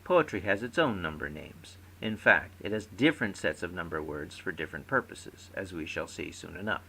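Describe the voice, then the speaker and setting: Lively, gravelly-voiced male lecturer. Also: low-pitched, moderate pace, rough recording. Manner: clear explanatory delivery, stressing syllables in example words. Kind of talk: recorded lecture.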